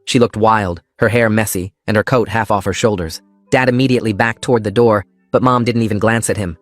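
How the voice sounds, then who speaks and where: A man narrating a first-person story in a calm, steady scripted style. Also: fairly low pitch, brisk, no room sound, faint music behind.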